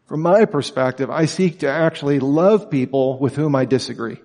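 A man's voice: mid-range voice, normal speed, a little mellow, long reverb tail. A man teaching at a summer institute, lecturing students in an emphatic way and asking many rhetorical questions.

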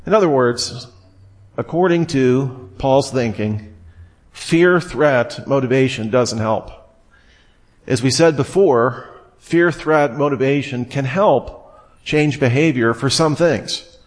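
A man giving expository Bible teaching, explaining a passage step by step and reading scripture aloud in a measured way. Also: mid-range voice.

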